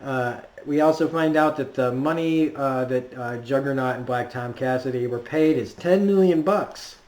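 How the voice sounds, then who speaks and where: A man's voice: mid-range voice, normal speed, a little mellow. Rambling, laughing man recapping a cartoon. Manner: rambling, laughing, filler-heavy. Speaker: cartoon reviewer. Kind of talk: casual episode recap. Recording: roomy echo.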